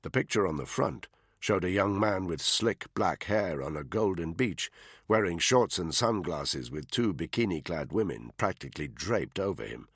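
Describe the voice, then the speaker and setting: A man reads a thriller audiobook in a measured, expressive style. His voice is very deep and gravelly with a husky grain, and lively in pitch. The sound is close and dry. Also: dry recording. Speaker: audiobook narrator. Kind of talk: scripted narration.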